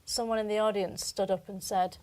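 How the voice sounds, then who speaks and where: A woman's voice: mid-range voice, steady tone, brisk, a little mellow, rough recording. Dry-humoured woman comedian chatting. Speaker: guest comedian. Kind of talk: casual podcast chat.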